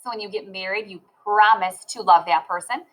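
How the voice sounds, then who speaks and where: A woman teaching a phonics lesson to children, sounding out letters and words slowly and clearly. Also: medium pitch, fairly bright tone, poor audio.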